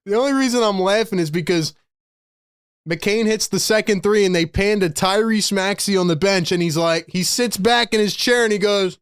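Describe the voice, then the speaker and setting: A man with a high voice calls the game live as a fan-show host. His commentary is casual and slangy, and he jumps into excited reactions. The sound is close and dry. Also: moderate pace, smooth, dry recording.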